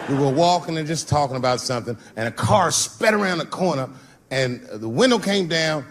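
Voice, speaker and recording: A man performing stand-up comedy on stage in front of a live audience, animated and bursting into shouts. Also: mid-range voice. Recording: noisy live show recording.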